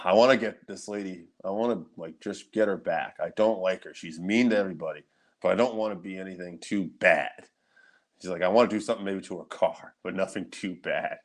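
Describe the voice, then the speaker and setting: A man co-hosting a podcast, telling stories in casual chat, animated and laughing often, with frequent swearing. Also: deep voice, fast talker. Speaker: podcast co-host.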